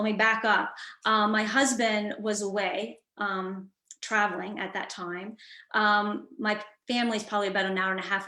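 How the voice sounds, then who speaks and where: An earnest woman coach shares a personal story in a reflective, conversational manner, often pausing and restarting her sentences. Her voice sits in a middle pitch, and the room around her gives it a noticeable echo. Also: pushed and bright. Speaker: guest coach.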